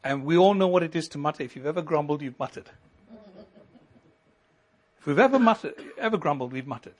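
A middle-aged male pastor preaching a sermon, building to emphatic lines and then dropping to a quiet, intimate tone. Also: a little high, lively intonation, brisk. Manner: preaching with rising emphasis and sudden soft drops.

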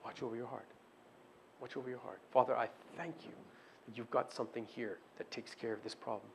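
A man preaching a sermon and praying, earnest, moving between hushed prayer and emphatic, repeated declarations. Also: medium pitch, steady tone, fairly quick, creaky, noisy background. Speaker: pastor.

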